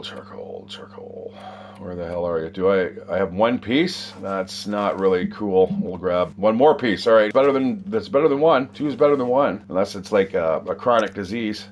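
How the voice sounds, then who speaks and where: A man's voice: fairly low pitch, slight background noise. A man giving casual, rambling commentary while playing a survival video game, chatting to viewers and swearing now and then. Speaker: gaming streamer.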